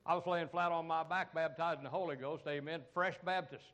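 A middle-aged American pastor preaching a folksy sermon, peppered with "amen" and "come on" asides. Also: male voice, fairly high pitch, steady tone, brisk, a bit bright, muffled recording, slight background noise.

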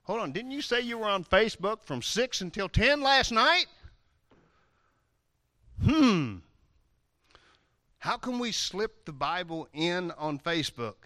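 A man preaching with a high, very bright voice that rings sharply. He is playful and animated, leaping from loud outbursts to hushed asides, on a close, dry recording. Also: slow pace, pauses often, no echo. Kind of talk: animated sermon.

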